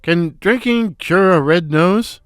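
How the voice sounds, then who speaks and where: A man voicing a brash, crude, wisecracking male slapstick comic with a loud foghorn voice in a read-aloud story. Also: sits high, slow, clean tone, dry recording, clean studio sound. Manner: wisecracking, boisterous. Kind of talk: storybook character voice.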